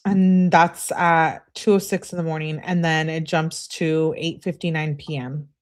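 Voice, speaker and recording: Low-voiced woman reading texts aloud. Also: flat delivery, measured pace. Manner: chatty, talks straight to her viewers. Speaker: true crime commentary host. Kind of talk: reading text messages aloud with commentary.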